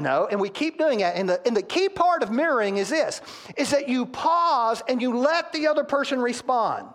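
Animated pastor preaching to his congregation. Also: very high voice, moderate pace, few pauses. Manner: animated, acts out couples' quotes, rising loud on punchlines. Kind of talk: sermon. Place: church sanctuary.

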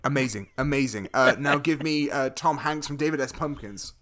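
A man's voice: mid-range voice, normal speed, fairly bright tone. A young man co-hosting a casual comedic chat over a remote call, spinning absurd rants in a mock-serious tone. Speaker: podcast co-host.

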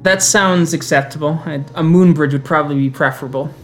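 A man's voice: on the high side, a little fast, faint music behind, lightly acted. A man doing a solemn teen with a thick Spanish accent. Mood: calm. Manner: formal, cryptic speech. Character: hardened young South American male teen, solemn and prophetic.

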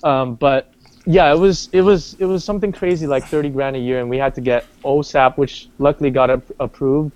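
A man telling personal stories in casual conversation, animated, with many restarts and acted-out quotes. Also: medium pitch, a little fast. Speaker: guest. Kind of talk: casual storytelling. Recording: dull lo-fi sound.

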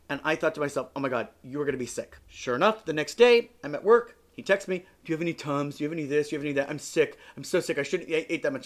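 A man hosting a podcast, telling a candid personal story, acting out quoted dialogue and swearing freely. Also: a little high. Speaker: podcast host.

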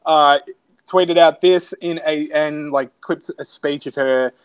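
A man's voice: fairly high pitch, fairly even intonation, slow pace, smooth. A man co-hosting a podcast from home, wryly reading out tweets and poking fun in casual banter. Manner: wry, sardonic, reading out tweets. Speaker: podcast co-host. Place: home, self-isolating.

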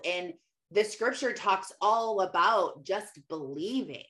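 A woman sharing a casual devotional talk, retelling a scripture story in her own words. She speaks in a relaxed, conversational way, dropping "like" as she goes. She is a mother speaking plainly to her listeners about belief. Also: medium pitch, a little slow. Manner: conversational retelling with frequent "like" fillers. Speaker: mother sharing faith reflections.

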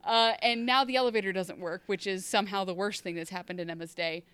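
A woman's voice: mid-range voice, steady tone, quick pace, a bit bright, clear, resonant tone, dry recording. A woman co-hosting a podcast and recapping a TV episode in casual chat. She rambles, interrupts herself, and sounds wry and emotional.

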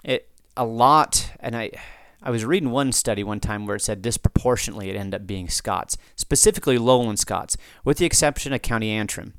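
A man's voice: fairly low pitch, a little fast, few pauses, a bit bright, clear, resonant tone, no echo. Man, podcast host, off-the-cuff rambling talk, resonant tone, dry sound. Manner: rambling, off-the-cuff, frequent restarts and asides. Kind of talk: unscripted podcast talk answering listener feedback.

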